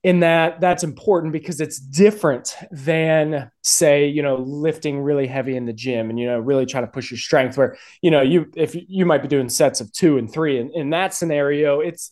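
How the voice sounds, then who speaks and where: A man's voice: a little high, normal speed, a little mellow. Earnest man explaining training load. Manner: explanatory, earnest, repeats words while thinking. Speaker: guest archery strength coach. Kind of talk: podcast conversation.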